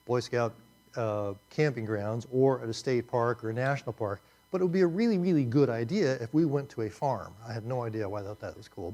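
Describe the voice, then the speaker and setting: A man teaching a Bible passage as a pastor, telling a story and asking his listeners questions in a relaxed, conversational way with frequent restarts. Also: medium pitch. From Indianapolis, US. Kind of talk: sermon with storytelling.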